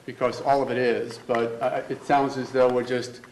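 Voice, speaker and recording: A man's voice: medium pitch, level tone, moderate pace, darkish tone. A man speaking as defense attorney in a courtroom, choosing his words carefully as he addresses the judge. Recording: echoey courtroom with faint noise.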